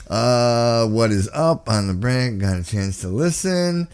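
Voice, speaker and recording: A man's voice: fairly low pitch, moderate pace, few pauses, a little mellow, smooth. A man hosting a casual live-stream chat, upbeat and jokey, calling people brother. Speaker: host.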